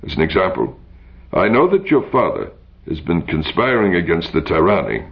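A man's voice: deep voice, sing-song, normal speed, vocal fry, exaggerated voice. A man reading aloud, voicing a cool, refined male dandy who speaks in a precise, insistent way. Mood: urgent. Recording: dull lo-fi recording.

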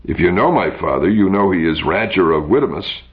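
A man's voice: deep voice, lively intonation, a little fast. A man reading aloud, voicing a tense, guarded young man who answers curtly. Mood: defensive. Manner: tense, curt. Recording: dull lo-fi recording.

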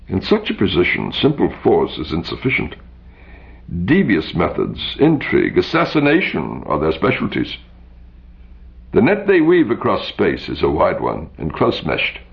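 A man's voice: fairly low pitch, creaky, voice pushed up, exaggerated voice. A man reading aloud, voicing a cool, refined male dandy who speaks in a precise, insistent way. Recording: dull lo-fi recording.

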